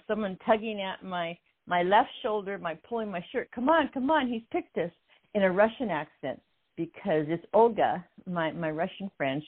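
An older woman tells her story down a tinny phone line. Her voice sits low, and she talks in an animated way and often breaks into laughter. The sound is dry and close. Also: no room sound. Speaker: guest. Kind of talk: telling a story.

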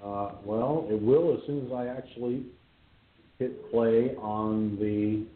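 A man's voice: fairly low pitch, steady tone, slow. A man hosting an internet radio show, chatting casually and rambling with plenty of fillers. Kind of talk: casual chat. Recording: phone-like lo-fi line.

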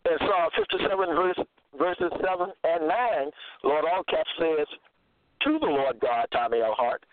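A man's voice: on the high side, expressive, measured pace, dry recording. A man giving a sermon, reading and explaining verses, emphatic and repeating himself. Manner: emphatic, repeats phrases, spells out words. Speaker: preacher. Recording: tinny phone-line sound.

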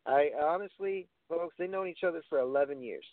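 A man's voice: fairly high pitch, fairly quick, dry recording. Blunt man on a tinny line. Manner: blunt, swears, rambles with restarts. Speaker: wrestling podcast co-host. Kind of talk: casual opinionated chat. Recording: phone-like, dry.

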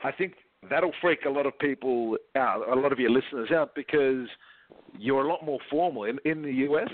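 A man's voice: mid-range voice, a little hiss or hum. A man with an Australian accent, talking brashly and cheekily as a guest on a phone interview. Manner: brash, cheeky, laughs often. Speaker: guest recruiter. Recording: tinny phone line.

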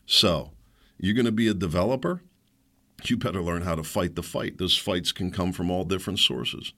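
Telling a story on the show he hosts, a middle-aged man launches into an indignant, heated rant and mocks others in affected voices. He sounds animated, with a fairly low, slightly bright voice at a normal speed.

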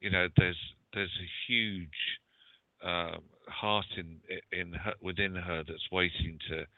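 A man's voice: low-pitched, level tone, slow, no room sound. A man with a British accent, working as a psychic medium, giving readings in a hesitant, filler-heavy way, heard over a tinny phone line. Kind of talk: casual call-in chat.

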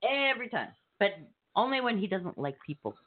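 A woman's voice: medium pitch, sing-song, brisk. A woman co-hosting an adult talk show, teasing and giggling through bawdy banter. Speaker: podcast co-host. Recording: tinny phone-like line with faint noise.

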